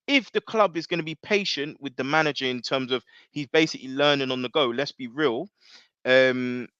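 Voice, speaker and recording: Man, podcast co-host, bright tense voice, lo-fi muffled sound, argues tactics at length. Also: fairly high pitch, no room sound. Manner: animated, opinionated, explains tactics at length. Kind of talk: casual football chat.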